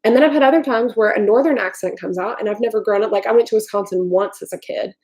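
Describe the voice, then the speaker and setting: A woman from Tennessee talks loosely to her live-stream viewers from her kitchen. Her voice sits at an ordinary mid pitch, and she rambles with plenty of "like" and "um" and casual swearing. She is picked up by a desktop computer mic. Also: fast talker, darkish tone. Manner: rambling, profane, lots of "like" and "um". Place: home kitchen.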